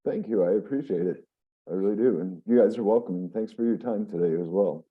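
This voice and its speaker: A man's voice: lowish voice, brisk, phone-quality sound. A man hosting a webzine interview in a casual, joking, teasing way. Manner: laid-back, joking, teasing. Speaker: webzine host.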